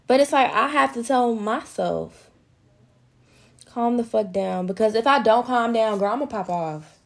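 Gravelly-voiced young woman podcaster, frank and profane. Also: fairly high pitch, a little slow, long pauses. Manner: frank, profane, talks straight to listeners as girl and honey. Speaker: podcast host. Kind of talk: casual motivational monologue.

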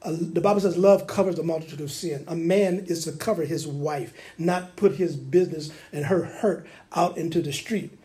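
A male preacher with a notably high voice gives a sermon-style teaching. He speaks with energy and often acts out the people he quotes. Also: fairly even intonation, normal speed, dark tone.

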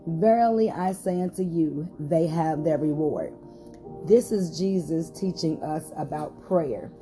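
A woman's voice: deep voice, expressive, a little slow, warm tone, soft background music. A woman pastor hosting a short podcast Bible study, reading scripture aloud with rising emphasis and some hesitant fillers.

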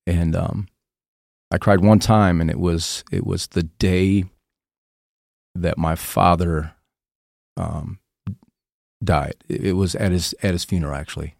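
A man, a podcast guest, candidly telling a painful personal story in a halting, emotional way, often repeating his words. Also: low-pitched, fairly even intonation, creaky, darkish tone, dry recording, studio quality.

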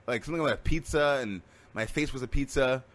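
A man streamer chatting casually, rambling through animated stories with many restarts. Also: medium pitch, brisk. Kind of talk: casual chat.

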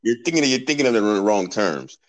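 A man's voice: lowish voice, expressive, fast talker, rough recording. A man hosting a casual podcast debate who talks playfully and laughs often. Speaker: podcast host.

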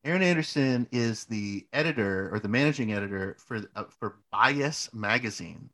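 A man's voice: medium pitch, expressive, moderate pace, a bit bright. A young man in a casual podcast chat, telling a long story with lots of restarts, "like" fillers and casual swearing. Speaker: podcast co-host.

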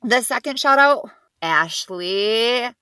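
Bright upbeat lady cohosting a podcast, keeps the segments moving, dry close mic. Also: on the low side, moderate pace, dry recording. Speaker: podcast co-host. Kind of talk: casual chat.

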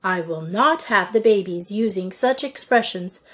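Stern proper headmistress done by a lady reader, husky and precise. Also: medium pitch, a little slow, fairly bright tone. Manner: firm, disapproving, precise. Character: stern proper headmistress, middle-aged woman.

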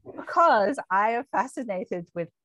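A woman's voice: on the high side, expressive, a little slow, fairly bright tone, lo-fi sound. A woman author chatting on a podcast over a remote call, laughing often as she talks. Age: adult. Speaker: guest author. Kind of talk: casual podcast chat.

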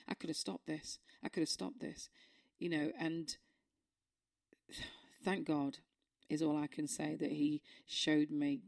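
A woman with a notably low voice tells her faith testimony. She speaks earnestly and with deep feeling, pausing often on fillers and restarting her sentences. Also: a little mellow. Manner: earnest and emotional, halting with many fillers and restarts. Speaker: churchgoer sharing a testimony.

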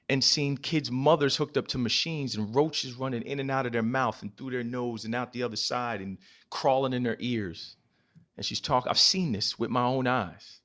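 A man's voice: medium pitch, a bit bright. A man speaking as a podcast guest and advocate, telling personal stories in an earnest, emphatic way and repeating phrases for stress. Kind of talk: impassioned personal storytelling.

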